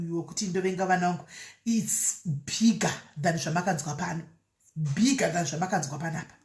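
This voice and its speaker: A woman's voice: fairly low pitch, darkish tone, echoey room. Chatty woman live-streaming. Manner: chatty, mixes Shona with English, laughs often. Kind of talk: casual live-stream chat, reading comments.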